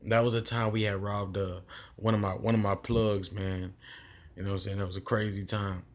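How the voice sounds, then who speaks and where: A man's voice: on the low side, level tone, fairly quick. A young man telling a story in a casual vlog, with loose slang and rambling restarts.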